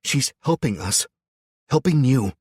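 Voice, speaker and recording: A man's voice: mid-range voice, lively intonation, a little slow, darkish tone, breathy edge, no room sound, studio quality, pitched above the performer's own voice. A man reading aloud voices a tough, fierce woman fighter, urgent and pushy.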